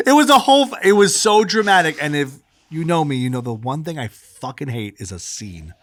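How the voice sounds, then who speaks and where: A man in his thirties co-hosting a podcast, telling a long story in casual chat, animated, swearing freely and acting out what people said. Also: sits high, brisk, dry recording, clean studio sound. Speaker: podcast co-host.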